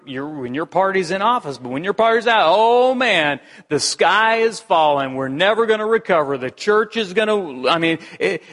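A man's voice: on the high side, fairly bright tone. A male pastor preaching a sermon in a conversational way, restarting phrases and firing rhetorical questions. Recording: long hall reverb.

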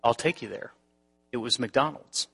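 A male pastor preaching a sermon and telling a personal story in an animated way. His voice is bright and forceful. He often restarts his phrases as he goes. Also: medium pitch, measured pace, gravelly, breathy edge.

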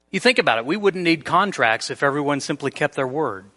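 A man preaching a sermon in a church, explaining scripture and acting out everyday scenes in a lively way. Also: a little high, fairly quick, few pauses, long reverb tail. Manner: animated, acts out everyday scenarios. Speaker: pastor. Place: church sanctuary.

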